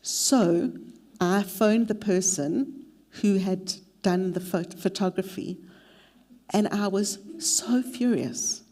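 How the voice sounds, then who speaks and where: A middle-aged woman guides a group through practical steps, then slips into a frank, animated personal story. Her voice sits at an ordinary middle pitch, and she talks candidly and pokes fun at herself. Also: takes it slowly. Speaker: mentor leading a workshop. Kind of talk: workshop talk with personal anecdote.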